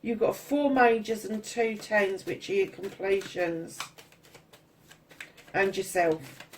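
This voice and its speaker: Lady doing a tarot reading, swears a lot, calls everyone darlings, middle pitch. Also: slow pace, slight background noise. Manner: chatty, swears freely, calls listeners darlings. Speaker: tarot reader. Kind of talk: casual tarot reading to camera.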